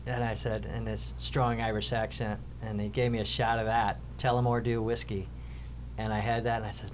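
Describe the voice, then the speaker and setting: A man in his fifties, a podcast co-host, telling a lively anecdote in casual chat. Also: on the low side, a little fast, a little hiss or hum. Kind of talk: casual storytelling.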